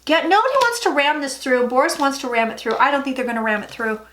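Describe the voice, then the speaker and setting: A woman psychic talking through a tarot reading in a chatty, dramatic way, with sudden loud asides. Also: high voice, lively intonation, fast, slight background noise. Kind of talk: casual tarot reading vlog.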